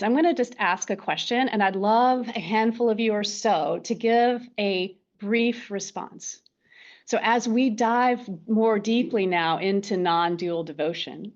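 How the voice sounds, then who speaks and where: A woman leading a meditation class, giving a gentle dharma talk and often checking in with "right?" and "okay?". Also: mid-range voice, dull audio. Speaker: meditation teacher.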